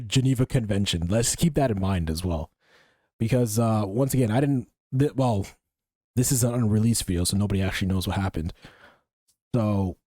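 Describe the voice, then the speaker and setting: A man reacting to a video in loose, casual commentary, blunt and profane, breaking into laughter often. His voice sits dark and mellow, recorded close and dry with no room sound. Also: medium pitch, no echo.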